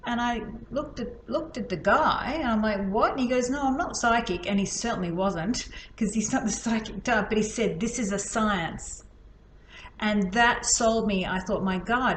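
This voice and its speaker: A woman's voice: mid-range voice, slight background noise. A woman teaching a healing technique in a casual, chatty way, demonstrating as she explains. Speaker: healing instructor. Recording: echoey room with faint ambience.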